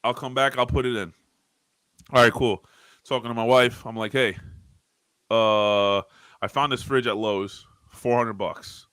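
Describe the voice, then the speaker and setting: A man co-hosting a casual podcast, telling animated stories and swearing freely. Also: medium pitch, a little slow, pauses often, clear, resonant tone, dry recording. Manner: animated storyteller, swears freely, acts out arguments loudly. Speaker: podcast co-host. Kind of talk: casual chat.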